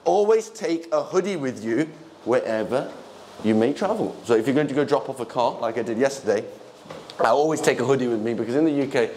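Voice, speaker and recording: A young man, hosting a casual vlog and telling stories in an animated, slangy way. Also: medium pitch, a little fast, slight background noise. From England. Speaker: vlog host. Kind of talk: casual vlog chat and storytelling.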